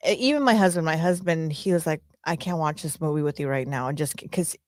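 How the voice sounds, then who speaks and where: A woman's voice: sits low, quick pace, no room sound, studio quality. A middle-aged woman co-hosting a podcast, telling stories with emotion in casual chat. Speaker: podcast co-host.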